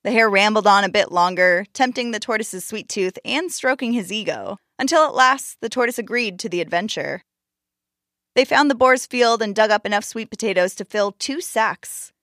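A woman host narrating a storybook tale with expressive, measured delivery. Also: mid-range voice, dry recording, clean studio sound.

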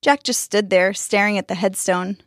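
A woman reading a spooky children's story aloud, measured and expressive. Her voice sits in a middle pitch, and the recording is close and dry. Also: no room sound. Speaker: narrator. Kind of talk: storybook narration.

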